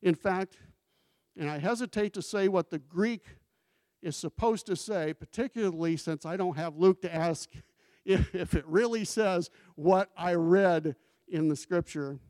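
A man preaching a sermon with a somewhat high voice. He talks in a conversational way, turns questions to the congregation, and leans into scripture quotes. The sound is dry and close. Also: a little slow, darkish tone, no echo. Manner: acts out scripture quotes with emphasis. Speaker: pastor.

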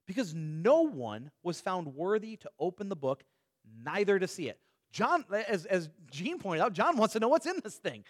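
Guy teaching bible study, highish voice that jumps around a lot, dry close sound. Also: dry recording. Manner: animated, explains with everyday examples and rhetorical questions; frequent quick restarts and repeated words.

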